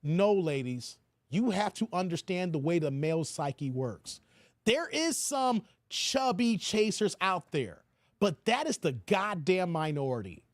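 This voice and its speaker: A man's voice: high voice, very animated, a little slow, no room sound, clean studio sound. A man hosting his own channel, giving blunt, preachy livestream commentary. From United States. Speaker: channel host.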